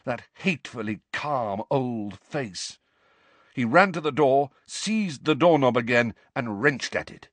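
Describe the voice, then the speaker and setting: Male audiobook narrator; dramatic, animated reading, dry booth sound. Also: mid-range voice, no room sound. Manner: dramatic, varied delivery.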